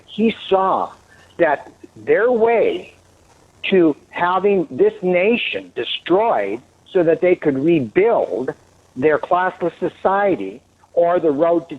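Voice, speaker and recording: A man speaks slowly and deliberately as a guest author on a radio interview. His voice is a little high, and it comes through a narrow phone line.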